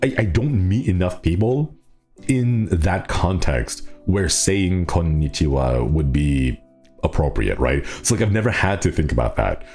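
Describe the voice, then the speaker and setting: Very deep-voiced man rambling casually. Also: lively intonation, unhurried, a little mellow, faint music behind. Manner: rambling, laughs often, many restarts and fillers. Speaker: streamer. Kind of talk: casual chat reading viewer comments.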